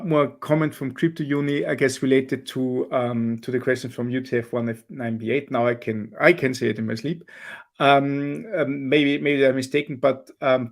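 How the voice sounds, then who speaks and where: Hoarse guy hosting an online meetup, gravelly, lots of ums, video call. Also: mid-range voice. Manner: chatty, hesitant, many ums and restarts. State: hoarse, losing his voice. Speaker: meetup host moderating Q&A.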